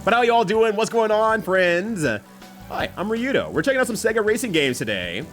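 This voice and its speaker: A young man chats with his viewers while racing, his voice swinging up and down in lively, animated pitch. He swears freely and laughs easily in a loose, casual way. Soft background music plays faintly underneath. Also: moderate pace. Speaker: streamer. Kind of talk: casual game-streaming chat.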